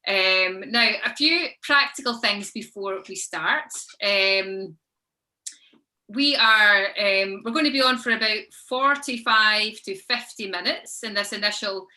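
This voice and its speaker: Bright-voiced woman hosting a panel. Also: mid-range voice, slow. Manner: chatty, with frequent ums. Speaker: panel host. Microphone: video call.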